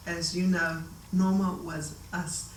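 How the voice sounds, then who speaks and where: A woman telling a story from her own life in a casual, animated way, often laughing and acting out the voices of the people in it. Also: fairly low pitch, measured pace, a little hiss or hum. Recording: echoey room, voice a bit distant.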